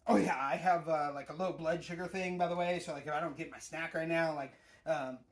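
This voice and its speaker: A man's voice: a little high, fairly even intonation, a little fast, roomy sound, recorded from a distance, close to an everyday voice. A man doing a cowardly young prankster. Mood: sheepish excuse. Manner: panicky yelping, then flimsy excuses.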